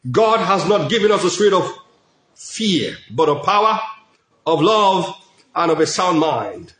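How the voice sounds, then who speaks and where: A middle-aged man preaches in a notably high voice, hammering each point through repetition and shouts of praise. The sound carries a roomy echo. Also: very animated, a little slow. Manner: emphatic, repetitive preaching with frequent praise interjections. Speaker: pastor. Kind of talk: sermon. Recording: echoey room.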